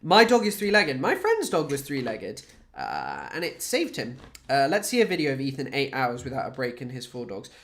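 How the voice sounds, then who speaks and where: A man's voice: mid-range voice, wildly swooping pitch, normal speed, a bit bright. A Scottish man, a comedian and streamer, chatting casually to his live chat in a rambling, profane, sardonic way, with lots of fillers.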